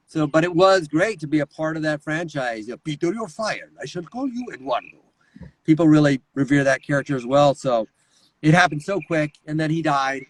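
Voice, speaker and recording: A man talking as a guest voice actor in a casual interview, animated and quick to slip into voices. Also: on the high side, no room sound, rough recording.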